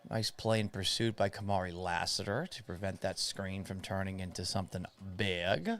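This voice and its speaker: A man in his thirties who grew up in Florida, hosting a casual live watch party, calling plays and reading viewer comments in a rambling, chatty way. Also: fairly low pitch. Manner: rambling, reads viewer chat, play-by-play asides. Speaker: sports talk host.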